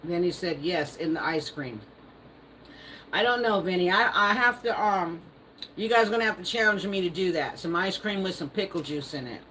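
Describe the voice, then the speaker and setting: A woman's voice: mid-range voice, a little fast, fairly bright tone, slight background noise, low-quality recording. A woman hosting a live stream, casually reading viewer comments aloud and teasing them, laughing often. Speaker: livestream host.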